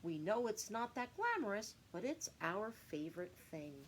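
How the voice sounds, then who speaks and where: A woman's voice: mid-range voice, very animated, moderate pace, a little hiss or hum, close to an everyday voice. A woman voicing a group of content barnacles, reading a storybook aloud. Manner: matter-of-fact and content. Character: cheerful, clingy crowd of barnacles.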